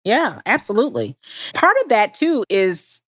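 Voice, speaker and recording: A woman's voice: medium pitch, wildly swooping pitch, a little slow, a bit bright, no room sound, studio quality. A woman co-hosting a podcast interview, effusive and encouraging toward her guests. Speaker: co-host.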